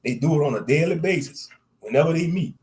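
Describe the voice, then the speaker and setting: This man speaks fast in a fairly high, darkish voice, giving live-streamed religious commentary as an online commentator. He reads passages of scripture, then riffs on them in preachy, slangy language, often repeating lines to drive them home.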